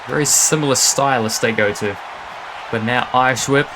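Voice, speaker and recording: A man calling a wrestling match live, rattling off moves between gasps and exclamations. There is clear background noise under his voice from a live stream mix. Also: mid-range voice. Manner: fast reactive play-by-play, frequent gasps and exclamations. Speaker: play-by-play commentator. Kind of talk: excitable wrestling commentary.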